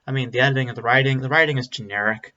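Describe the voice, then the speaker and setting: A man's voice: medium pitch, racing, bright, forceful tone. A man giving a casual spoken film review, blunt and rambling, with frequent ums and restarts. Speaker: movie reviewer. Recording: slightly dull lo-fi audio.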